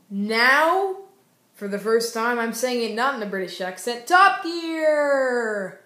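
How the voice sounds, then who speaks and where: A woman's voice: fairly low pitch, fairly bright tone, reverberant. A young woman casually reviewing TV shows in a goofy, playful way, breaking into sing-song cheers. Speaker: YouTube TV show reviewer.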